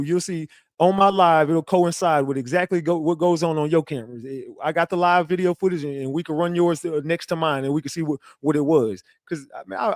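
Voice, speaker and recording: Speaking loosely to his livestream chat, this commentator stays defensive and boastful, cursing freely, full of animation, and restarting his lines over and over. His slightly high voice comes across dry, as though he's right up against a close mic.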